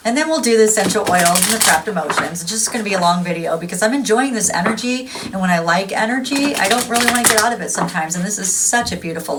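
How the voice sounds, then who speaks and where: A woman's voice: mid-range voice, heavy background noise. A woman giving a casual tarot reading, chatty and gushing, laughing often. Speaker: tarot reader.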